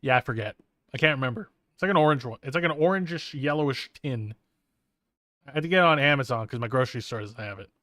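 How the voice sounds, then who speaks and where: A man's voice: mid-range voice, expressive, fast, sharp tone, dry recording, studio quality. A tired young man on a live stream, chatting playfully and rambling while he draws. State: tired but wired on coffee. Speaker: streamer and artist. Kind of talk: casual live-stream chat.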